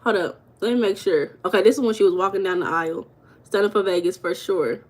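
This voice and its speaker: Woman, casual live-stream chat, talks straight to viewers, mid-pitched voice. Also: quick pace. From United States. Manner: chatty, talks to chat viewers, calls them baby and girl; laughs often while talking.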